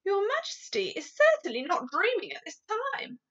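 A woman voicing a flustered, scolding middle-aged maid who shouts shrilly. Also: very high-pitched, wildly swooping pitch, normal speed, dull audio, pitched above the performer's own voice, full character voice.

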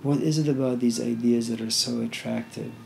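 Gravelly-voiced man giving a casual lecture. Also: mid-range voice, fairly even intonation, brisk, a little mellow, slight background noise. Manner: conversational, frequent "you know", storytelling asides. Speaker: philosophy lecturer. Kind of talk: informal philosophy lecture.

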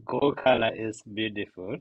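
Man, grammar teacher, slow repetition of terms, dry close sound. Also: fairly low pitch, dry recording, phone-quality sound. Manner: slow, repeats terms and glosses them. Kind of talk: classroom grammar lesson.

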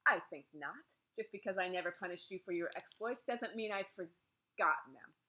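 A woman's voice: lowish voice, animated, moderate pace, sharp tone. Stiff aristocratic older lady, imperious and exasperated, voiced by a woman narrator. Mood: stiff, cool.

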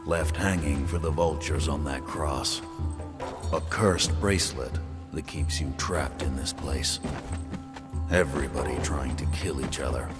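An actor voicing a gruff, weary male barbarian warrior who talks slowly and sardonically, heard as game audio with music. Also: rumbling low. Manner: slow, sardonic grumbling.

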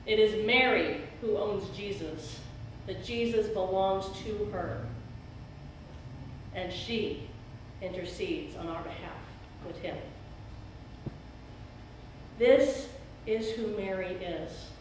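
A woman's voice: medium pitch, takes it slowly, long pauses, background noise. A middle-aged woman pastor preaching an earnest, emphatic sermon in a church sanctuary. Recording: very echoey church hall, speaker far from mic.

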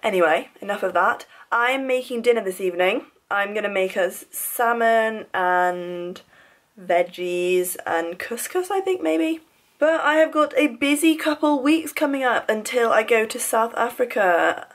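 A woman's voice: on the high side, lively intonation, unhurried. A young woman in her twenties, chatting casually to a handheld camera in a bubbly vlog style. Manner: chatty and bubbly, with sighs of frustration. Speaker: vlogger.

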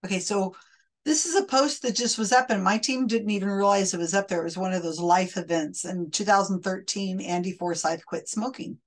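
A woman's voice: mid-range voice, a little fast. A woman host explaining an investigation in a chatty, wry way, often restarting her sentences. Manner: chatty, wry, self-correcting. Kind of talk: casual explanatory monologue.

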